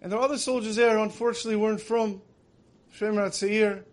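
A man's voice: high voice, fairly even intonation, fast. A man giving a sermon, telling stories in an earnest way that builds emotion. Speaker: religious teacher.

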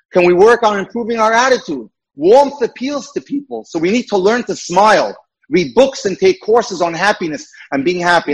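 Husky-voiced emphatic male lecturer. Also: high voice, rough recording. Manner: emphatic, repeats points, tells jokes. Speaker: dating mentor.

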